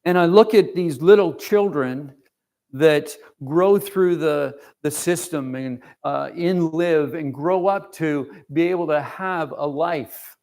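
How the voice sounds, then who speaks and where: A man's voice: a little high, takes it slowly, a little mellow. A man giving an informal, emotional mission report to a church congregation, rambling with fillers and restarts. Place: church sanctuary.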